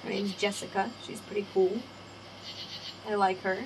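A young adult woman hosts a casual podcast chat, speaking at normal speed in a mid-range voice with little pitch movement. She rambles through her stories, swearing freely and acting out quoted voices, with faint background noise in the recording.

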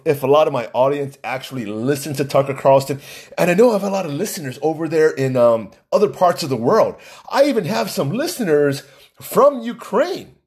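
A man's voice: on the high side, darkish tone, slightly rough. A man hosting his own podcast, talking in a chatty, rambling way with lots of asides and restarts. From Hawaii. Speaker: podcast host. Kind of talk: casual solo podcast monologue.

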